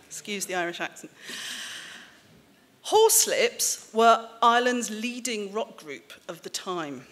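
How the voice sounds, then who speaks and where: A woman author in her forties, from the English-Welsh border country, reading a memoir aloud to an audience in a wry, measured way with dry asides. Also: mid-range voice, animated, a bit bright. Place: stage in a hall. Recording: reverberant hall.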